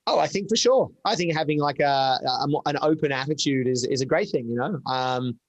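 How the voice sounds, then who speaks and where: A man in his forties, a podcast guest telling rambling, animated stories with quick laughs, on a close, dry microphone. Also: on the high side, no echo. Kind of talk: casual storytelling chat.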